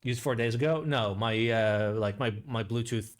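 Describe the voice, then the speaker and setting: A man's voice: mid-range voice, normal speed. A man hosting a live stream, chatting casually and reacting, with a rambling, profane delivery full of filler words. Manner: rambling, sweary, lots of "like" fillers.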